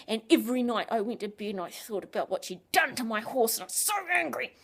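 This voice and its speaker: A woman telling a Christian story to children in an animated, expressive way, dropping to a hush and then rising loud. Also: a little high, normal speed.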